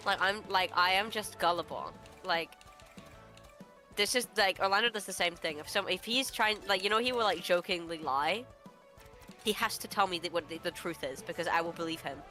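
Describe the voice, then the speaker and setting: A woman telling rambling, self-mocking stories on a gaming livestream. Her voice is bright and forward, with quiet music playing underneath. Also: on the low side, normal speed. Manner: chatty, self-mocking storyteller. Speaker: co-host guest on a gaming stream. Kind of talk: casual chat on a gaming livestream.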